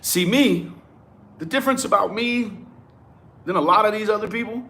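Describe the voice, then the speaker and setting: A man with a high, light voice and a twang rants straight at his viewers, swearing freely. He talks in an animated, worked-up way, jumping between asides and jabs. His delivery is loose, blunt and full of attitude. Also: normal speed. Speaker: commentary vlogger. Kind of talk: profane ranting commentary.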